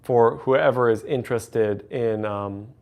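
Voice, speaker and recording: A man hosting a casual livestream, teaching relative pitch by humming and singing intervals and chatting with viewers. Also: takes it slowly, creaky, smooth. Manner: hums and sings intervals to demonstrate; chats with viewers. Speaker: livestream host and music teacher.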